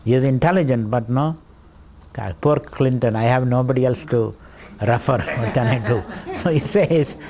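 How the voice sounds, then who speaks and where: A man giving a spiritual lecture on scripture, teaching in a deliberate, repetitive way. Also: mid-range voice, darkish tone, slight background noise. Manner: slow, deliberate teaching with repetitions and light laughter.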